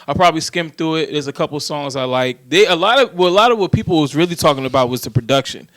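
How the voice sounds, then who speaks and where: Young guy guesting on a podcast, kinda higher voice, laid back and slangy. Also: lively intonation, fast talker, fairly bright tone, dry recording. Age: 20s. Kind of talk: casual chat.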